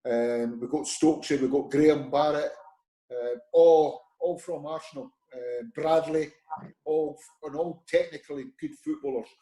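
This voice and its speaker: A man's voice: fairly high pitch, steady tone, measured pace, mellow. A middle-aged man with a Scottish accent, a former football manager telling stories as a guest and acting out the voices of people he quotes. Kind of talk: conversational storytelling. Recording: roomy echo.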